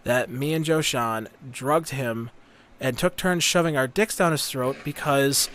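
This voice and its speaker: A man's voice: mid-range voice, measured pace, fairly bright tone, a little hiss or hum. A man hosting a casual podcast, telling a crude, rambling, profanity-heavy story. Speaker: podcast host.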